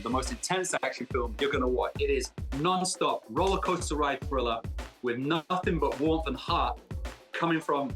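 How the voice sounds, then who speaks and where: A man from Britain, an actor guest in a casual interview, talking in a jokey, self-mocking way with quick asides. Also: fairly high pitch, fairly bright tone.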